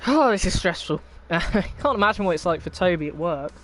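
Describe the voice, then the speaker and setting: A man's voice: high voice, expressive, brisk, fairly bright tone. A young man hosting a racing league stream, chatting casually in a wry, rambling way and laughing often. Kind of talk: casual live-stream chat.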